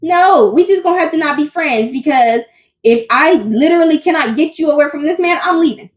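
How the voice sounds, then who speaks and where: A woman's voice: high voice, expressive, brisk. A woman hosting a commentary channel, chatting casually and talking straight to her viewers. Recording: echoey room with faint music.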